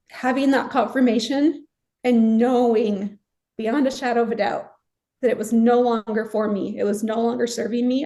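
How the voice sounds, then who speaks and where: A woman's voice: fairly high pitch, vocal fry, darkish tone. A middle-aged woman, a podcast guest, emotionally recounting a personal experience in an interview.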